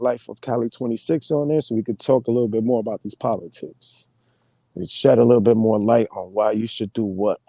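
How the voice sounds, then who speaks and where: Chill guy on a live stream, slangy and easygoing, mellow tone, dry sound. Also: mid-range voice, no echo. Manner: laid-back, slangy, greets viewers. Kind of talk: casual live-stream chat.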